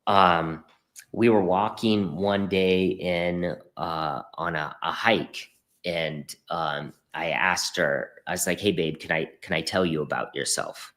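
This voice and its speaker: A man's voice: deep voice, fairly even intonation, slow pace, fairly bright tone. A man in his thirties, a performance coach on a podcast, telling a heartfelt personal story in an earnest, emotional way with many fillers and restarts.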